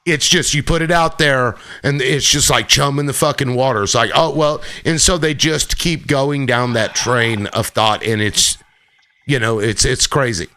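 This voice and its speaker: A man's voice: medium pitch, normal speed, sharp tone. A man hosting a casual political talk show, reading viewer comments aloud and reacting bluntly. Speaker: host.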